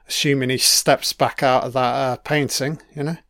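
A man's voice: medium pitch, fairly even intonation, moderate pace, a bit bright, dry recording, studio quality. A man giving a casual, profane commentary while watching a TV series, chatty and reacting as he goes. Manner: sweary, chatty, reacting to the screen.

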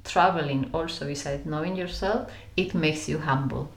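Woman from Spain, lively storyteller. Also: deep voice, moderate pace, echoey room. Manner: animated, laughing, acts out scenes. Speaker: interview guest. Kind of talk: reflective storytelling.

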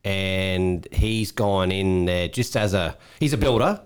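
A man's voice: low-pitched, takes it slowly, clean tone. Man, podcast co-host, casual, teasing interjections, asks questions. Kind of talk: casual chat.

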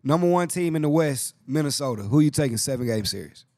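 A man hosting a podcast, chatting casually and excitedly, full of slang and repeating himself. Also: fairly high pitch, fast talker. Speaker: podcast host. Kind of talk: casual basketball chat.

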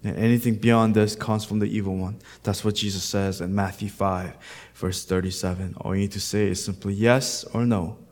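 A very low-pitched man preaching a sermon as a pastor. He talks plainly and conversationally, slipping into casual storytelling asides between points of scripture. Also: fairly even intonation, normal speed, darkish tone.

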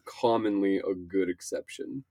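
A man's voice: sits low, fairly even intonation, a little slow, dark tone, dry recording. A man from Minnesota co-hosting a casual chat podcast, explaining his points at length in a loose, rambling way. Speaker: podcast co-host.

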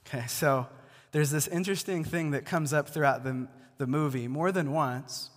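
Relaxed male pastor in a reverberant hall. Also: medium pitch. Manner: relaxed, repeats words as he restarts, addresses the congregation directly. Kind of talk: conversational sermon. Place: church before a live congregation.

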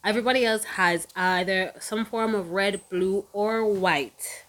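A woman's voice: mid-range voice, a little slow, fairly bright tone. Upbeat woman sharing fun facts. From Jamaica. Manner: reads out fun facts, upbeat, hesitant fillers. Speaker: podcast co-host. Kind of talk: casual chat.

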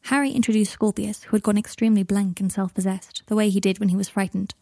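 A woman narrating a story aloud in a calm, even storytelling manner. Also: medium pitch, fast talker, no room sound. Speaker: reader. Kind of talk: audiobook narration of fiction.

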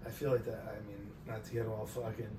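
A man co-hosting a podcast, talking casually, swearing, and chiming in with quick reactions. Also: lowish voice, little pitch movement. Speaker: podcast co-host. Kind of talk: casual chat. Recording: roomy, distant mic, faint noise.

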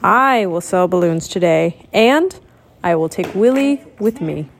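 A woman reading as a calm balloon-seller husband. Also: fairly low pitch, measured pace, a little hiss or hum. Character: kindly grown man, balloon seller, calm.

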